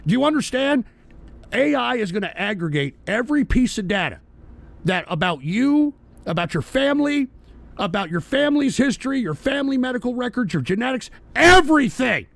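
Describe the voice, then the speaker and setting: A heated, profane male talk-radio host with a high, gravelly voice that swings wildly up and down. He rants hard into a dry, close mic. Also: very animated, fairly quick, no echo. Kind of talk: political talk radio rant.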